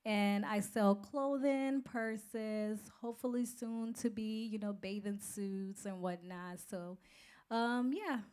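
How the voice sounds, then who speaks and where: A woman's voice: mid-range voice, takes it slowly, darkish tone, clear, resonant tone. Giggly woman guest chatting casually. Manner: casual, giggly, a bit unsure. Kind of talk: casual chat.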